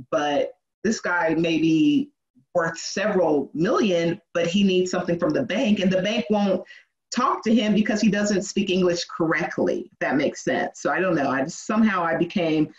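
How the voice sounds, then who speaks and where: A lawyer as a podcast guest, telling lively stories and acting out what people said. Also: mid-range voice, normal speed. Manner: animated storytelling, acts out quoted voices, laughs often. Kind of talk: casual interview. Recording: dull, muffled sound.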